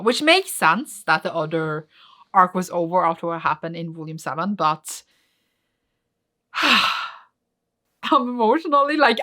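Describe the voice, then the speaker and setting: A woman casually reacting to the manga she is reading in a vlog, swinging from soft muttered recaps to squealing, gasping outbursts. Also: on the low side.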